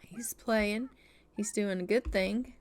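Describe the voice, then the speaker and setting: A woman's voice: medium pitch, fairly even intonation, slow pace. A woman narrating a life-sim game story for her channel in a chatty, playful way. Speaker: gaming YouTuber. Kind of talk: casual let's-play narration.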